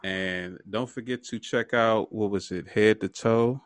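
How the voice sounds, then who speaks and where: A man hosting a podcast, wrapping up the episode in a relaxed, laid-back way. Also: on the low side, a little slow, clear, resonant tone, dry recording. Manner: relaxed, laid-back, chuckles between phrases. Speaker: podcast host. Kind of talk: casual podcast outro.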